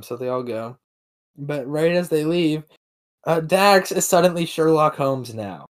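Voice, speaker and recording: A man's voice: a little high, normal speed. A man hosting a podcast, recapping a film in casual chat, laughing often and rambling with restarts. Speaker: podcast host.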